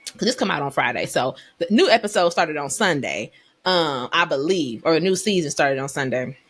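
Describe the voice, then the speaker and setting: A woman co-hosting a faith podcast, chatting casually in an animated, emotional way. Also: low-pitched, normal speed, slightly rough. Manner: animated, emotional storyteller, Southern US dialect forms. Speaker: podcast co-host. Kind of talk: casual chat.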